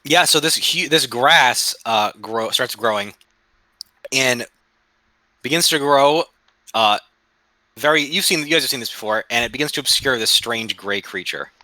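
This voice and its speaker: A man's voice: mid-range voice, moderate pace, bright, forceful tone, dry recording. A man running a tabletop game as game master. He narrates monsters and dice rolls, and he mutters and swears while he fights the game menus.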